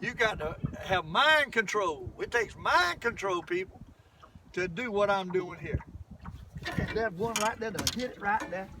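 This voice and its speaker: An older man filming himself fishing from a boat, talking to the camera in a folksy, excitable way and exclaiming often. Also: high-pitched, unhurried. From Southern US. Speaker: fishing vlogger. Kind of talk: excited outdoor fishing vlog. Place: small boat on a lake outdoors, windy. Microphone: camera mic in the wind. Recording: distant camera mic with wind noise. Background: wind and boat noise.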